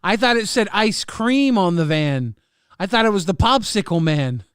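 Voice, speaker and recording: High-voiced man telling crude jokes. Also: normal speed, clean tone, no room sound, studio quality. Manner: deadpan crude storytelling. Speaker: livestream co-host. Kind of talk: crude joking livestream banter.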